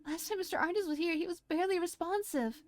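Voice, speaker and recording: A woman's voice: extremely high pitch, fast talker, pitched above the performer's own voice. A woman voicing an eager young pigeon doctor. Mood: earnest.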